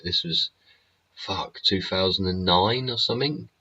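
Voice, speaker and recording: A man's voice: low-pitched, unhurried, bright, forceful tone, husky, muffled recording. A man hosting his show in a casual, sweary, rambling monologue, laughing often. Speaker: show host. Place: home studio.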